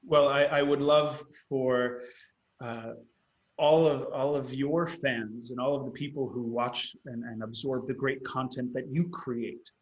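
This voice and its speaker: An eager man speaks at a middle pitch as an interview guest, often restarting and repeating his words. His voice carries a noticeable roomy echo. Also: fairly even intonation, unhurried, muffled recording. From United States. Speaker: actor guest. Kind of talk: interview chat.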